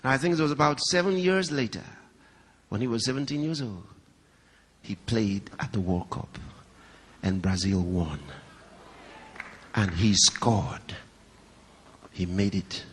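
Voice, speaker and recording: A male pastor preaching a sermon to a live congregation, swinging between raised, high emphasis and hushed, low storytelling, and putting questions and asides to the audience. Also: measured pace, pauses often, slight background noise. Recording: long hall reverb.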